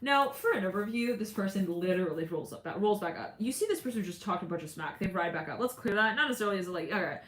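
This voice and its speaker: A woman's voice: mid-range voice, animated, fast, few pauses, fairly bright tone. Talk like a chatty tarot reader doing a casual reading, rambling and laughing easily, in a woman's mid-range voice, in a room with plenty of echo. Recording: echoey room.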